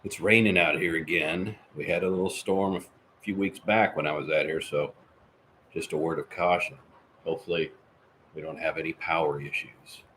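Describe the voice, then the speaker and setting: A man's voice: deep voice, a bit bright, a little hiss or hum. A man hosting a live podcast in casual, jokey, rambling chat, reading out viewer comments. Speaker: podcast host.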